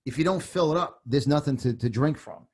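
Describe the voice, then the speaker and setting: A man's voice: fairly high pitch, brisk, darkish tone, slightly rough. A man in his fifties from New York, with a New York accent, talking as a podcast guest in an intense, emphatic way and often repeating phrases. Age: 50s. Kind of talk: impassioned political talk.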